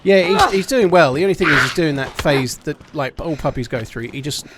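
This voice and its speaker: A man's voice: fairly high pitch, lively intonation, fairly quick, heavy background noise. A man chatting casually on a live game stream at home, swearing freely and thanking his supporters. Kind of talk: casual live-stream chat while gaming.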